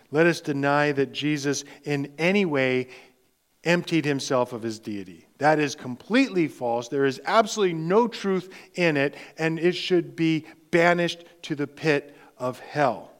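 A man preaching a sermon with slow, emphatic delivery, dropping into hushed tones for emphasis. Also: a little high. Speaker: pastor.

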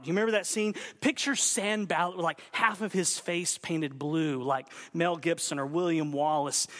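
A man preaching a sermon with a high voice. He mixes playful jokes into the teaching and leans hard on key words. A long reverb trails behind him, as in a church hall. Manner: playful, jokey asides with lively emphasis. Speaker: pastor.

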